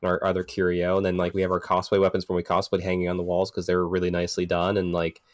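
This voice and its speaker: Podcast guest, very low male voice, dry and close, blunt and easygoing. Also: completely flat delivery, racing, no echo. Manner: blunt and laid-back, laughs often. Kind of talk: casual podcast chat.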